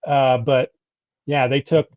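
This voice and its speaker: A man's voice: medium pitch, flat delivery, slow pace, a little mellow, dry recording. A middle-aged man co-hosting a podcast, chatting casually in a rambling way and often restarting his sentences. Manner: rambling, self-correcting, chatty. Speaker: podcast co-host. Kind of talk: casual chat. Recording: dull lo-fi audio.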